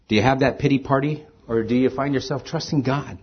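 A male pastor preaching a sermon in a husky, slightly breathy voice, earnest and shifting between emphatic stresses and hushed lines. His pitch sits in a middle range for a man. The recording is dull and lo-fi. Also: brisk. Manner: earnest, rising to emphatic stresses then dropping soft.

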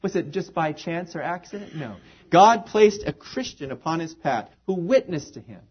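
A man's voice: a little high, expressive, moderate pace, slightly rough. A man preaching an earnest sermon in a church, repeating phrases for emphasis. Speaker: pastor. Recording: dull lo-fi recording.

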